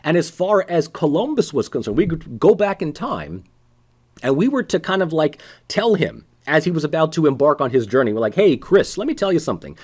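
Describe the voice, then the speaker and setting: A man's voice: on the high side, very animated, brisk, darkish tone. A man giving a casual, conversational political science lecture with sarcastic asides.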